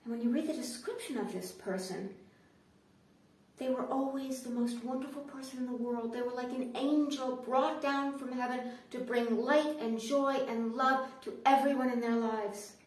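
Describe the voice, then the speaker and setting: A woman performing a sarcastic stand-up comedy monologue, swinging from hushed asides to loud outbursts. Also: sits high, normal speed, very echoey, distant mic.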